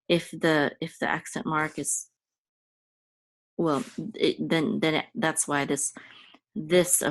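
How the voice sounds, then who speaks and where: A woman teaching biblical Hebrew, patiently sounding out letters and vowels and repeating words slowly for learners. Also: deep voice, fairly bright tone, no room sound.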